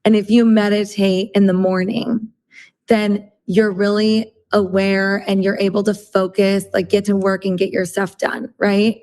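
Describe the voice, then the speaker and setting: A woman's voice: mid-range voice, little pitch movement, a little slow, a little mellow. A woman guest on a casual podcast, explaining earnestly and peppering her talk with "like" and "you know".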